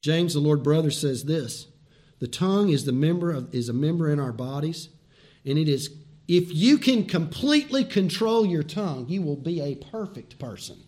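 A man preaching a sermon as pastor, swinging from loud, emphatic repeated words to hushed, folksy asides and direct questions to the listeners. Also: fairly high pitch, expressive, moderate pace.

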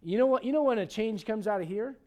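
A man with a high, light voice preaches in an animated, chatty way. He jumps between scripture and everyday asides, often restarting his sentences as he goes. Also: fast. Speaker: pastor. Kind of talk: sermon.

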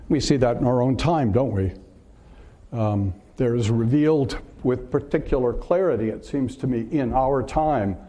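A man preaching a sermon in an earnest way, asking rhetorical questions and pausing on filler words. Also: medium pitch, a little mellow.

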